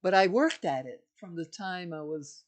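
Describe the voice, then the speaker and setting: A woman's voice: lowish voice, animated, normal speed. An older woman, a spiritual teacher, giving an emphatic, repetitive teaching monologue.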